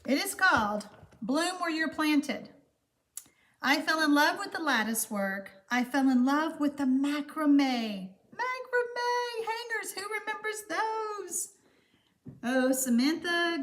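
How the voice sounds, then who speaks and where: A woman's voice: high voice, lively intonation, measured pace. A woman with a Texan accent hosting a chatty card-making live stream, gushing and rambling as she reads viewer comments. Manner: warm, gushing, rambling with fillers.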